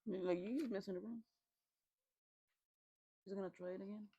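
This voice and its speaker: A woman's voice: mid-range voice, steady tone, mellow, husky, no room sound, dull audio. A woman guest on a podcast, reacting with short remarks in casual chat. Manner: short reactions and quick comments.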